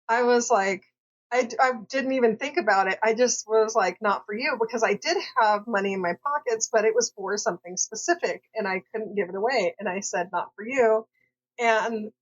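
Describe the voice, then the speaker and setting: Rambling woman telling her story, lo-fi. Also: a little high. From Southern California. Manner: rambling, hesitant, full of fillers and self-corrections. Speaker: vlogger. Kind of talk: casual personal storytelling. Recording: dull lo-fi recording.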